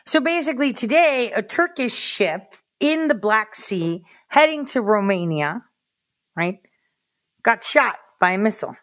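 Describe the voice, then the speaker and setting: An excitable woman talks off the cuff on a live stream. She rambles from one thought to the next and tosses in quick asides to her chat. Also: fairly high pitch. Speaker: livestreamer. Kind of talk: casual live-stream commentary.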